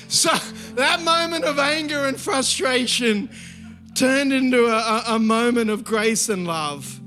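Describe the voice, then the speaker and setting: A man, preaching a sermon that moves from a lively story into earnest prayer. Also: very high-pitched, slow, pauses often, faint music behind. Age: 50s. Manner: animated storytelling, then quiet earnest prayer. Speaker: pastor.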